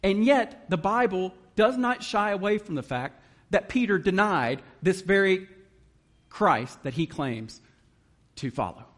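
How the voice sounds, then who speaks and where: A man's voice: sits high, lively intonation, measured pace. A man preaching a sermon in an earnest manner, reading scripture and explaining it. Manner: earnest, emotional at times, reads scripture aloud. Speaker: guest preacher.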